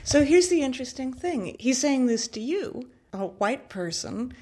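A woman's voice: high voice, big pitch swings, measured pace, mellow. Woman interviewer asking direct questions. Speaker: radio interviewer.

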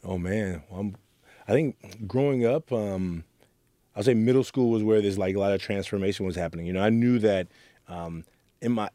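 Speaking in a lowish, mellow voice, this man is a middle-aged youth mentor from Oakland, California. He recounts his story earnestly and reflectively in an interview, voicing the quoted lines, and the recording is dry and studio quality.

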